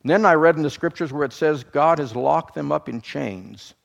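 A man preaching a sermon as pastor, shifting from quiet, slow teaching to loud, quick, humorous asides. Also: fairly high pitch, gravelly. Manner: dynamic preaching, swings from soft to loud and fast.

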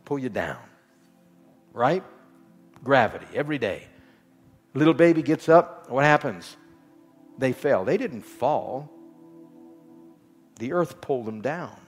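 Man preaching in a big echoey hall, soft music underneath, repeats lines over and over. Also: medium pitch, very animated, takes it slowly, pauses often, slightly rough. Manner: rhythmic repetition, rising to exhortation then dropping soft. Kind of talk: sermon. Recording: long hall reverb with faint music.

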